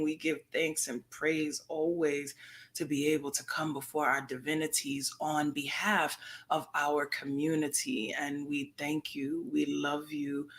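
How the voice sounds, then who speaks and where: A woman co-hosting a prayer and meditation gathering, answering with affirmations and turning playful and laughing. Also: sits low. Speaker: co-host leading prayer and meditation.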